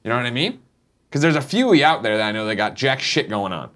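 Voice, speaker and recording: A man's voice: mid-range voice, fast. A man in his thirties hosting a casual studio chat show, cursing and joking. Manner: animated, swearing, laughing loudly. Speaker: show host.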